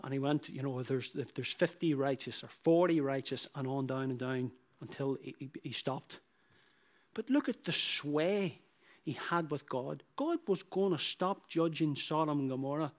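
With a medium-pitched voice at a moderate pace, this preacher works through his sermon by repeating emphatic lines that climb in intensity.

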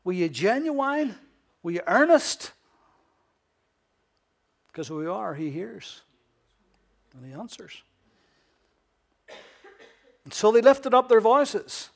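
A man with a high-pitched voice delivers a sermon. He preaches emphatically, firing off rhetorical questions and swinging from loud declarations to hushed asides. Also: very animated, slow, gravelly, long pauses.

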